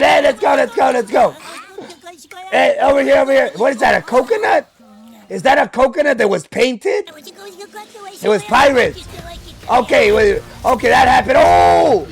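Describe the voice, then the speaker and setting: Excitable man, high gravelly voice. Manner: excitable, exclaiming and narrating what he sees. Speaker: reaction video host. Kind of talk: live reaction commentary.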